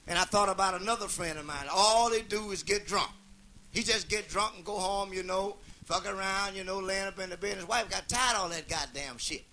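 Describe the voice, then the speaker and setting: Male comic storyteller, high bright voice, profane and folksy, faint hiss. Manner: profane, folksy, laid-back delivery. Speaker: comedian.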